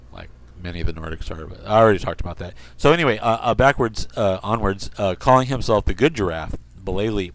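A man hosting an internet radio show, reading odd news stories in a rambling way and slipping into soft asides. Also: fairly low pitch, slight background noise.

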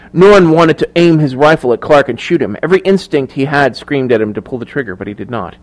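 A man reading a thriller audiobook aloud in a measured, even storytelling voice. His pitch sits in the middle range and his delivery stays steady. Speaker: audiobook narrator. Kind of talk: scripted narration.

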